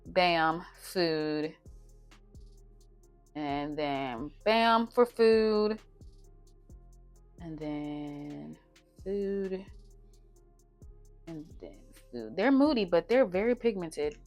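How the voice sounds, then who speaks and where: A woman's voice: on the low side, expressive, very slow, long pauses, soft background music. A young woman, chatting casually through her budget and talking to herself as she adds up numbers. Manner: chatty, talks to herself while doing math. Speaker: budgeting vlogger.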